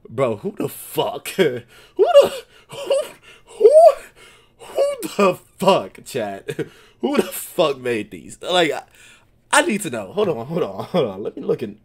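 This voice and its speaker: A man streaming a casual reaction to a video, loud and profane, laughing often as he talks. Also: on the high side.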